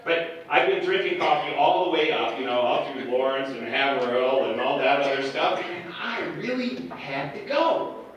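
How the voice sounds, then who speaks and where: A man's voice: medium pitch, animated, normal speed, a bit bright, muffled recording. A man telling a comic, self-mocking story to a live audience from the stage, recorded from far off in an echoey hall.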